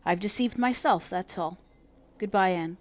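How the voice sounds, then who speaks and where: A woman voicing an earnest young man in love, speaking quietly and steadily. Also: high voice, measured pace, no echo. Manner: quiet, earnest, then bitter.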